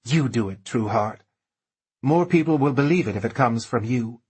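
A man's voice: medium pitch, animated, moderate pace, darkish tone, husky. A man voicing an anxious, plaintive middle-aged society woman in an audiobook reading. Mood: coaxing. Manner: plaintive, apologetic.

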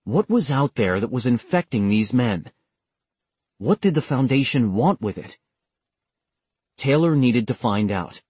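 Husky male audiobook narrator. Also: mid-range voice, no room sound. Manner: steady, measured reading.

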